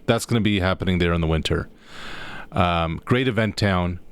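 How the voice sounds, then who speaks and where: A man co-hosting a live sports radio show, telling stories in a casual, animated way. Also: sits low, moderate pace, clear, resonant tone. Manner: storytelling, animated when making a point. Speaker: sports broadcaster co-host. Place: radio studio.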